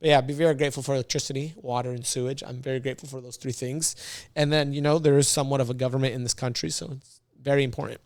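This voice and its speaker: Fast-talking man telling a story. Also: mid-range voice, dry recording. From United States. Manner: animated, slangy, laughs often. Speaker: podcast guest. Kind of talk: casual storytelling.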